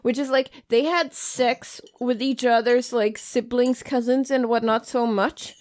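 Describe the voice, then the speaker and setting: A woman's voice: on the high side, fairly even intonation, a little slow, a little mellow. A woman from Austria, co-hosting a casual movie commentary, chatty and sardonic, full of "like" fillers. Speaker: podcast co-host.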